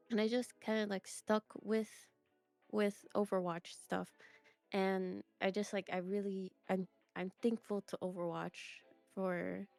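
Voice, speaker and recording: A woman's voice: mid-range voice, a little mellow, no echo. A young woman chatting as an interview guest, rambling with lots of fillers and restarts. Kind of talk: casual chat.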